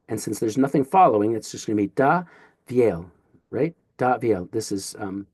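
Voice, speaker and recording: Playful, animated male Greek teacher. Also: mid-range voice, normal speed, slightly rough, dry recording, clean studio sound. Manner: playful, jokey explaining with sung-out sample sounds. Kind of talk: recorded video lesson.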